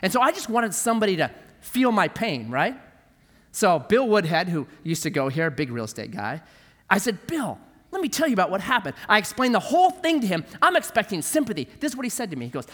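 A middle-aged man preaches as pastor in a high voice, talking a little fast. He animates his stories by acting out the quoted voices. Long reverb from a large hall surrounds the recording.

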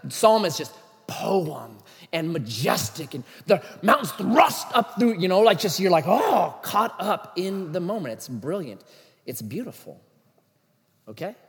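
A male preacher with a high, very lively voice that leaps up and down as he drives his points home. He talks emphatically and keeps throwing rhetorical questions at the room. A long reverb from a large hall trails behind every phrase. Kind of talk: sermon.

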